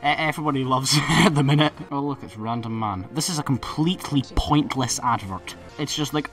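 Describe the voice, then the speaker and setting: A man's voice: medium pitch, a little fast, hardly any pauses, fairly bright tone, soft background music. A man giving sarcastic reaction commentary on a gaming stream, mocking what he sees and laughing often.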